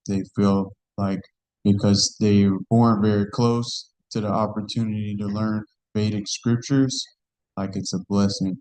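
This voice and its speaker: A man's voice: on the low side, a little mellow, poor audio. A man in the audience asking a question hesitantly, with many fillers.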